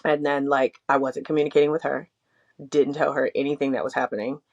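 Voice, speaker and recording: Speaking a little fast in a very deep, flat voice, a young woman co-hosting a podcast rambles through candid small talk. She leans on "like" constantly and swears openly. The recording sounds dull and lo-fi.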